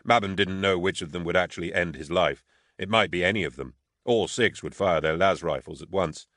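Deep-voiced man narrating steadily. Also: brisk, fairly bright tone, no echo, clean studio sound. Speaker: audiobook narrator. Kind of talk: scripted narration.

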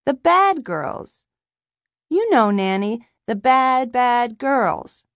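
A woman's voice: on the high side, sing-song, extremely slow, dry recording, studio quality, pitched above the performer's own voice, exaggerated voice. A woman voicing a playful, cheeky little boy with a bouncy, sing-song way of talking in an audiobook.

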